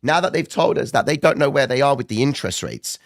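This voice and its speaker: A man talks through markets on a live stream in a loose, chatty way and keeps checking in with his viewers. His voice sits in a middle pitch with a gravelly rasp that he admits is not his normal sound. The sound is dry and close. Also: lively intonation, quick pace, no echo. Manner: chatty, addresses viewers directly, frequent "okay?" and "right?". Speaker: livestream market commentator. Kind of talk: casual live market commentary.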